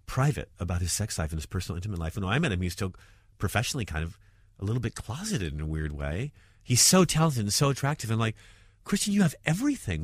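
Animated, provocative man, very dry sound. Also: lowish voice, dry recording. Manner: provocative, animated, swings between loud jabs and muttered asides. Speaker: stand-up comedian. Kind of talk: interview.

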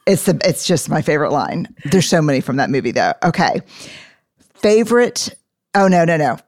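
A woman hosting an interview podcast, upbeat and casual, steering the guest through rapid-fire questions and swearing now and then. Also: sits low, sing-song, no room sound, clean studio sound. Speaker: podcast host. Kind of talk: conversational interview.

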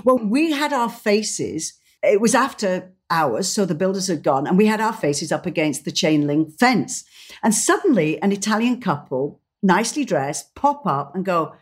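A woman's voice: on the low side, normal speed, breathy edge. A middle-aged woman co-hosting a podcast in casual chat, telling anecdotes with lots of energy and acting out the voices of other people. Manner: lively anecdote teller, acts out quoted voices. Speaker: podcast co-host, decorator.

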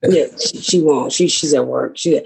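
A woman tells profane, animated stories on a podcast. Her voice is a little husky, and she keeps slipping into other people's voices as she talks. It sounds like easy, casual chat. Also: sits low, normal speed. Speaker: podcast host, comedian.

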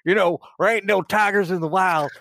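Guy doing a hillbilly drawl, folksy tiger breeder, raised high voice. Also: a little fast, a bit bright, a little hiss or hum. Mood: boastful. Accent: put-on American hillbilly.

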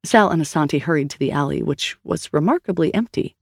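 A woman's voice: low voice, brisk, gravelly, breathy edge, dry recording. Woman narrating a story, dry close mic. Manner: steady storytelling reading. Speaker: audiobook narrator. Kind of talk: scripted narration.

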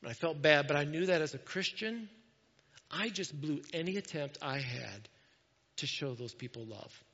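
A pastor telling a story in a sermon, animated and self-mocking, acting out what people said. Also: male voice, on the high side, normal speed, big-room sound, highs cut off.

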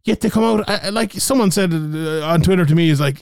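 A man with a fairly high voice co-hosts a casual podcast. He rants with energy and swears often. His voice is recorded close and dry. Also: a little fast, creaky, hardly any pauses, no echo. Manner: animated, ranting, swears freely. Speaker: podcast co-host.

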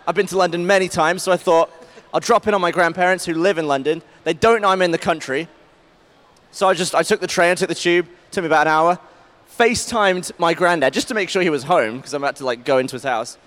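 A man's voice: on the high side, fast talker, fairly bright tone. A man, a regular on the show, telling a casual anecdote in a chatty way. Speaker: podcast regular. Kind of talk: casual storytelling.

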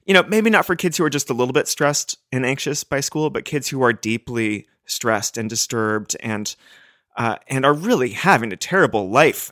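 A man's voice: mid-range voice, a bit bright, no room sound. A male podcast host, enthusiastic and emphatic. His voice sits in a middle register and sounds dry and close to the mic, with no room around it. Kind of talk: podcast interview.

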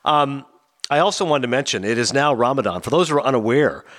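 Lively fast-talking man telling stories. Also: mid-range voice. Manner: animated storyteller, acts out quoted voices. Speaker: podcast co-host. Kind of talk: casual chat.

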